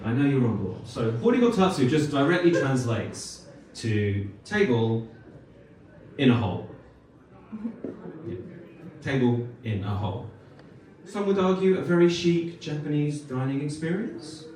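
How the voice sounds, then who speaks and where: A British man performing a stand-up comedy set on a club stage, wry and self-deprecating, with quick asides and audience laughter behind him. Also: medium pitch, lively intonation, darkish tone, slight background noise. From United Kingdom. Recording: echoey club room, mic from some distance.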